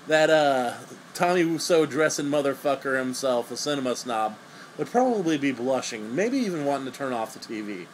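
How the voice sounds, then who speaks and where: A man's voice: mid-range voice, a little hiss or hum, poor audio. A young man giving a crude, sarcastic, rambling comedic movie review.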